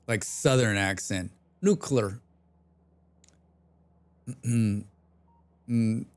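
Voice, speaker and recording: A man livestreaming a game, chatting casually and rambling with plenty of swearing while reacting to chat. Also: medium pitch. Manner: rambling, profane, reads chat aloud.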